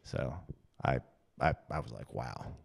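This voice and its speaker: Deep gravelly man telling a story. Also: expressive, moderate pace, dark tone. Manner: rambling, repeats himself, emotional. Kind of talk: personal storytelling monologue.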